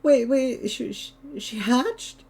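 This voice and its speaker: A woman's voice: a bass voice, measured pace, darkish tone, slightly rough, full character voice. A woman voicing a frantic, tearful man who stammers and mumbles through sobs over the phone.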